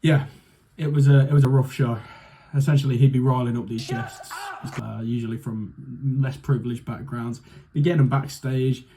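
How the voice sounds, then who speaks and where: A man's voice: mid-range voice, normal speed, noisy background. A young man telling a story in a chatty, comedic way as a video host. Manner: chatty, animated storytelling with restarts. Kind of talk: casual comedic commentary.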